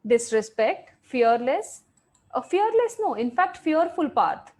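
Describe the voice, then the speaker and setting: A woman teaching an online class for children, animated, quizzing the class and praising their answers over a video call. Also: high-pitched, slow pace.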